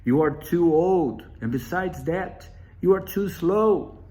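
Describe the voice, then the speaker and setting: A man's voice: fairly high pitch, animated, slow pace, mellow, pitched above the performer's own voice. A man voicing a blunt male wolf who leads the animals in a told story. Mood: protective.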